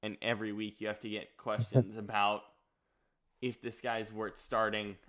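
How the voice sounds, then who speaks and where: Emphatic man with a smooth low voice. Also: flat delivery, fairly bright tone. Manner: emphatic, rambling, quick to joke. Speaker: podcast co-host. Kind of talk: casual sports chat.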